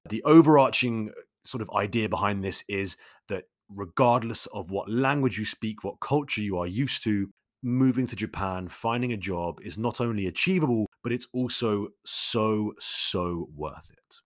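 Guy, deep voice, dry close sound, rambling friendly Q&A host. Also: moderate pace, dry recording. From London. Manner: conversational, many fillers and restarts. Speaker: YouTube host answering viewer questions. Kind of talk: casual Q&A monologue.

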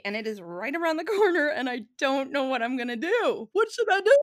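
A woman's voice: sits high, sing-song, no room sound, studio quality, faint music behind. A woman in her thirties, a podcast co-host telling stories in casual chat, laughing often. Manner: chatty, laughing storyteller, quick asides.

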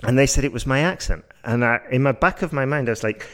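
A man from England with a Yorkshire accent, an IELTS teacher talking through exam tips in a relaxed discussion, often restarting and rephrasing as he thinks. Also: mid-range voice, fast talker, few pauses. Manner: thoughtful, restarts and rephrases as he explains. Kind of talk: casual discussion.

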